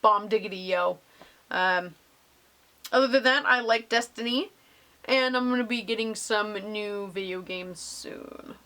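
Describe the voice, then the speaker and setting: A woman's voice: fairly high pitch, a little slow, pushed and bright. A young woman casually answering viewer questions in a vlog, bubbly and gushing with lots of ums.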